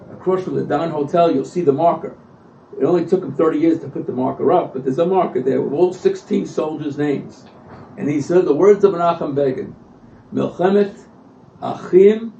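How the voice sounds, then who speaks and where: Gravelly man telling a story in an echoey hall. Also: a little high, slight background noise. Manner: animated storyteller acting out quotes. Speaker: speaker at a community event. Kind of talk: storytelling speech. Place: event hall. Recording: distant echoey lo-fi livestream audio.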